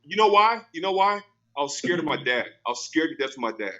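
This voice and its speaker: A man's voice: on the high side, sing-song, fast talker, a bit bright, lo-fi sound. A man hosting a casual podcast, telling stories animatedly and repeating his phrases. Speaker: podcast host.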